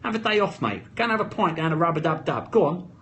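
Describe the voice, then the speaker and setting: A cheeky geezer, as a man puts him on in a live phone stream, matey and coaxing, with a pitch pushed a little above the speaker's usual voice. He sounds easygoing and full of banter. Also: very animated, quick pace, a bit bright, a little hiss or hum. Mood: jovial.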